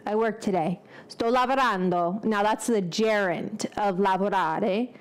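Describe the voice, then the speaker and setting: A woman's voice: mid-range voice, clean tone. A woman hosting a casual cooking vlog, rambling and thinking aloud as she chats. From United States. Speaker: cooking show host.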